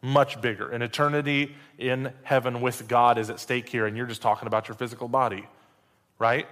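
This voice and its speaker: A man's voice: medium pitch, little pitch movement, brisk, fairly bright tone. A male preacher reading scripture aloud and breaking in with conversational asides and rhetorical questions. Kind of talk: Bible reading with sermon commentary. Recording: long reverb hall.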